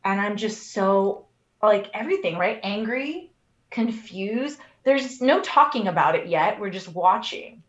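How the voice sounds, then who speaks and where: A woman's voice: mid-range voice, lively intonation, unhurried. A woman co-hosting a podcast, telling a personal story in casual chat with lots of fillers. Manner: emotional storytelling, many fillers. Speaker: podcast co-host. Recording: roomy, dull lo-fi sound.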